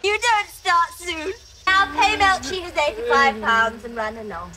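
A woman's voice: extremely high pitch, unhurried, crowd noise. An actress playing a spoiled, childish young queen in a TV sitcom, taunting in a sing-song way. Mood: teasing.

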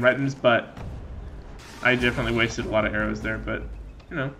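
Male gaming host, bright edge, rambly and jokey commentary, faint game music behind. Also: mid-range voice, steady tone, quick pace, long pauses. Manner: rambling, joking, loses his train of thought. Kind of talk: let's play commentary.

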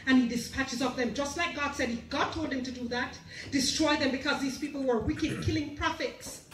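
High-voiced woman preaching in an echoey hall. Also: moderate pace, fairly bright tone, slight background noise. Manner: storytelling, acting out the people in the story. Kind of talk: sermon. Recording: echoey church hall, mic at a distance.

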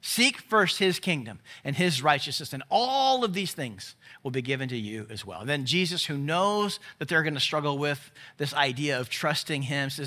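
Bright, high-voiced male pastor preaching. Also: expressive, normal speed, hardly any pauses. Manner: conversational, asks the crowd questions. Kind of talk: sermon. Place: church service.

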